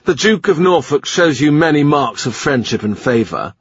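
A man reading the lines of a weary, wistful middle-aged English king in a soft, subdued voice. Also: on the high side, very animated, moderate pace, breathy edge, no echo, voice pushed up, heavily acted. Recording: slightly muffled dry recording.

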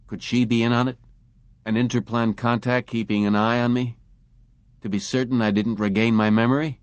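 A man's voice: medium pitch, little pitch movement, moderate pace, clean tone, dry recording, dull audio, natural voice. A man doing a harsh, grating drugged clerk. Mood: brooding. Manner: grating, drawling hostility.

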